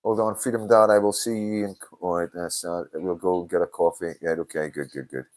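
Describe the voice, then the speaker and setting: Older streamer with a very low voice, tired and sweary, chatting loosely to his viewers. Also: fairly even intonation, fairly quick, darkish tone. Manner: swears a lot, tired and yawning. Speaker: livestream host. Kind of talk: casual live-stream chat reading comments.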